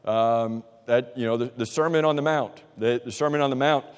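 In a smooth, mid-range voice at normal speed, a man runs an interactive Bible class, quizzing the group and echoing their answers. He talks conversationally with many restarts and fillers, and each phrase trails off in a long hall reverb.

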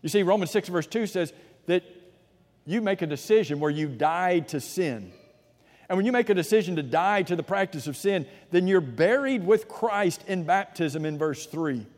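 A man preaching a sermon in a slightly higher voice, pressing his points with rising force, then dropping to a hushed hush. He asks rhetorical questions and answers them himself. A long hall reverb trails behind his words. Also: lively intonation, normal speed. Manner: emphatic, swings between loud and hushed.

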